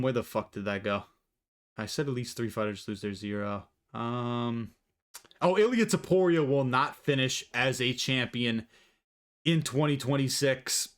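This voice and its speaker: A man's voice: medium pitch, fairly bright tone. A man talking casually and profanely through his predictions, rambling and opinionated, on a desk mic. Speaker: MMA commentator vlogger.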